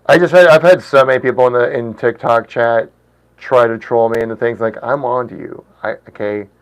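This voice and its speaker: A man's voice: mid-range voice, fairly even intonation, clear, resonant tone, poor audio. Chatty laughing man in his thirties. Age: 30s. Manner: chatty, laughs often, halting attempts at foreign words. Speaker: livestream host. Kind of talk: casual livestream chat.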